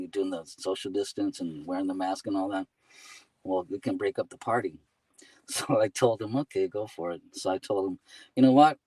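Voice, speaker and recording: A man's voice: sits low, a little mellow, no room sound, far from the mic, low-quality recording. A man chatting as a guest, telling casual stories and laughing often, with "you know" and "man" between his phrases. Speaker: guest, delivery driver. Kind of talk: casual storytelling.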